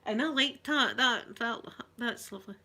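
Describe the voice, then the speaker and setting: A Scottish woman hosting a relaxed live stream, chatting and giggling as she answers viewer comments. Her voice is bright and forward. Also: fairly high pitch, moderate pace. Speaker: ASMR channel host. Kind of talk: casual live-stream chat.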